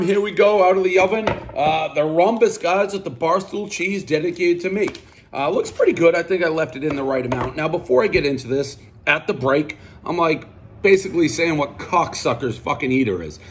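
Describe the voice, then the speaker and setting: A man with a slightly raised pitch delivers a pizza review outdoors as a combative rant. He swears constantly and boasts about himself between bites. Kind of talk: profane ranting pizza review vlog.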